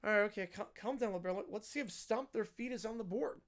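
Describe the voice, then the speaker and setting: A man hosting a parody game show with deadpan, wry asides. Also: sits high, quick pace. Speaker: host.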